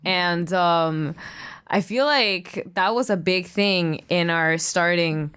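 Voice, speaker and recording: A woman's voice: on the low side, takes it slowly, fairly bright tone, clean tone. A young woman from Mexico, a native Spanish speaker with a Mexican accent, talking easily and laughing in an interview. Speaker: musician, band member. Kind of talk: interview answers.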